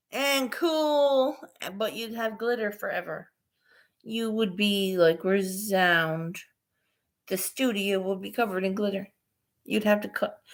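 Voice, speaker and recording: A woman's voice: fairly high pitch, a bit bright. A woman vlogger in casual chat, rambling and laughing often as she talks. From Newfoundland, Canada.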